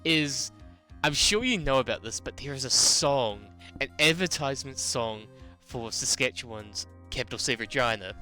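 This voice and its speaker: A man in his twenties with a New Zealand accent, chatting casually to his stream viewers, animated storytelling and laughing often. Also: medium pitch, normal speed, faint music behind. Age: 20s. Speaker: game streamer. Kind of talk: casual chat with live chat.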